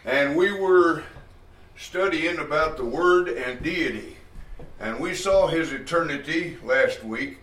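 Slow-speaking preacher in an echoey room. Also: male voice, a little high, fairly bright tone. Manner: slow, deliberate, with frequent uh fillers. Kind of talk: expository Bible teaching. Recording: echoey room picked up from a distance.

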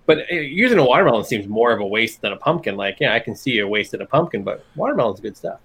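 A man's voice: medium pitch, sing-song, fast talker, a bit bright, slightly rough. A man co-hosting a casual podcast, reading out news stories and adding wry, joking asides. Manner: wry, reads news items with jokey asides. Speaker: podcast co-host. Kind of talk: casual news-commentary chat.

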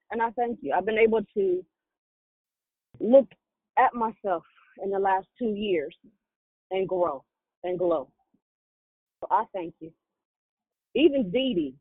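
A woman on a prayer call, slowly and earnestly giving thanks in a heartfelt testimony. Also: medium pitch, breathy edge, dry recording. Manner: earnest, deliberate, grateful. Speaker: caller sharing in a prayer call. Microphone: phone. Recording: tinny phone line.

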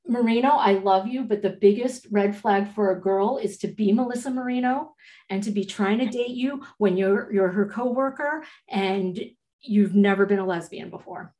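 A woman's voice: medium pitch, normal speed, dark tone. A woman co-hosting a podcast, chatting casually in a blunt, joking way and swearing now and then. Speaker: podcast co-host. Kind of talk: casual chat.

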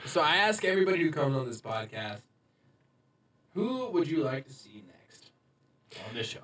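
A man's voice: fairly high pitch, very animated, moderate pace, fairly bright tone. A man hosting a podcast, chatting casually with a joking, teasing manner and plenty of swearing. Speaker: podcast host. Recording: roomy sound, distant from mic.

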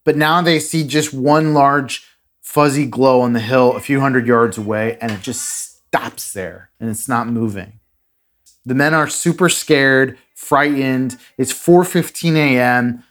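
A man hosting a podcast, casually retelling a strange story with dramatic pauses and a few fillers. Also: medium pitch. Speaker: podcast host.

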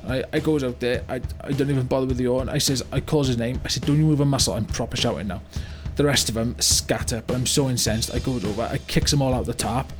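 For a mock-documentary comedy monologue, an actor voices a blunt, remorseful older car yard owner with a British accent, who rambles through a story using "you know" and "right?". The male voice is medium-pitched and natural.

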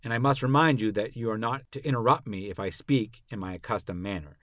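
In a dramatic reading of a classical dialogue, a podcast narrator lightly acts the role of an elderly philosopher on trial, rhetorically and ironically pressing his accuser. His voice is on the low side, fast and a bit bright, probing and indignant. The audio is dry, clean studio sound.

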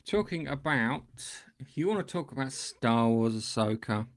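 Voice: mid-range voice, animated, moderate pace. A podcast host opening and steering a casual chat, with a teasing, jokey manner.

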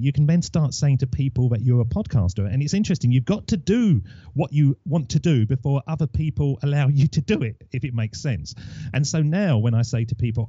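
A man's voice: mid-range voice, warm tone, no echo, dull audio. Man in his forties, rambling. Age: 40s. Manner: rambling storyteller. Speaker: podcaster, guest. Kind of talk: casual interview chat.

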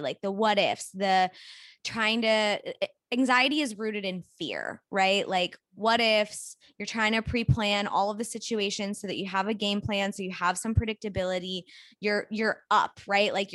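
A woman co-hosting a podcast, telling a personal story in a candid, animated way with frequent swearing. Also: medium pitch, dry recording. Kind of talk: casual conversation.

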